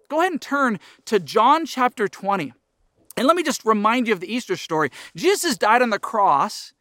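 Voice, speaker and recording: A man's voice: sits high, bright, forceful tone, dry recording, clean studio sound. A middle-aged man preaching a sermon as pastor, earnest, his voice rising and dropping for emphasis.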